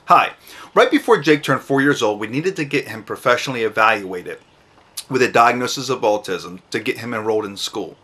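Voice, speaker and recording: A middle-aged father explains to camera how to talk with a child. His voice has a bright, ringing edge. He speaks slowly and deliberately, stressing each word clearly, his pitch sitting right in the middle for a man. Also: lively intonation, slight background noise. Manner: slow, deliberate, emphatic enunciation. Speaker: parent giving advice.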